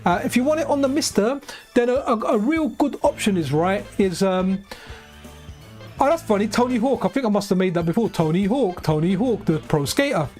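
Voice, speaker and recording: A man with a light, high voice he calls feminine, rambling casually on a live stream while he plays, often asking "right?". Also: animated, a little fast, a little mellow. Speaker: game streamer. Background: faint game music.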